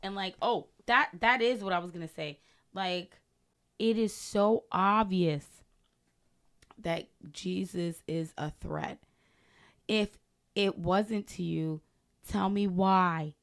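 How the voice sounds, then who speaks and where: Young woman podcast cohost, slangy and chill, laughs a lot, mid-pitched voice. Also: slow, pauses often. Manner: slangy, laid-back, laughs often. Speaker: podcast co-host. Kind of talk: casual chat.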